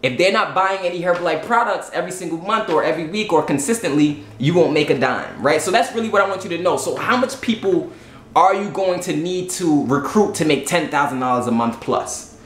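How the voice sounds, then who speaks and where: Here the Southern US host sounds a little high and bright, animated and fairly quick, recorded in an echoey room with some background noise. Laying out a sales plan for YouTube in a relaxed, blunt, salesy way, he keeps tossing in "right?" and "you get what I'm saying."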